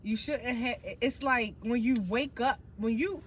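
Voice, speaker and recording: A woman hosting a casual podcast chat, blunt and profane, with animated storytelling. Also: fairly high pitch, a little slow, a little hiss or hum. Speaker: podcast host.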